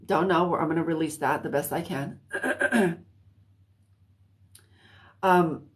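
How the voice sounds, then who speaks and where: A woman giving a psychic reading on a live stream, thinking aloud with many restarts and often clearing her throat. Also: low-pitched, takes it slowly. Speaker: psychic reader. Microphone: phone or computer mic on a live stream.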